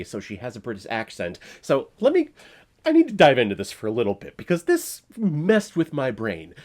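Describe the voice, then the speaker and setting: A man giving a casual spoken movie review, loose and conversational with lots of filler words and sarcastic asides. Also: mid-range voice.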